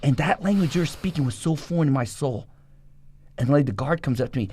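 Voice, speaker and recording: A middle-aged man telling a rough life story in an interview, in a rapid, profane and animated way. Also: a little high, dry recording. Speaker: guest.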